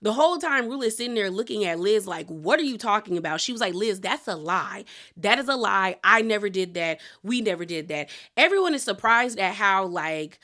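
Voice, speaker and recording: A woman's voice: medium pitch, expressive, brisk, pushed and bright. A woman casually recapping a reality show episode, animatedly retelling who said what and laughing often.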